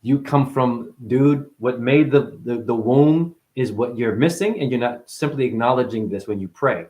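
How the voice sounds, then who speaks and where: At a moderate pace, a spiritual talker who suffers chronic pain delivers a wandering, free-associating monologue. He curses a lot and shifts back and forth between loud bursts and low mutters.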